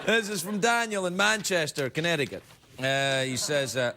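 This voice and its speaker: A man's voice: fairly high pitch, normal speed, very noisy. A man hosting a late-night talk show, joking and rambling through a comic monologue and viewer emails. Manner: joking, rambling, animated delivery. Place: television studio with live audience. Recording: broadcast studio with loud audience laughter.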